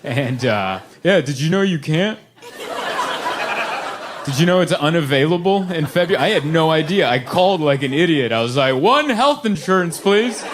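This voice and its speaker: A man doing a stand-up comedy set with deadpan, self-deprecating storytelling, live in a comedy club. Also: a little high, moderate pace, background noise.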